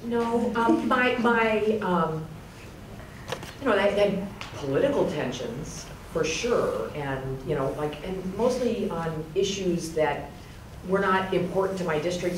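Halting woman panelist, far and echoey. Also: sits low. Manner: halting, searching for words. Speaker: state legislator on a panel. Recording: distant echoey room, faint noise.

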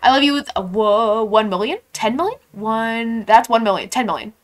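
A young woman streaming a game, chatting casually and reading her chat aloud with sudden excited squeals. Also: on the high side, moderate pace.

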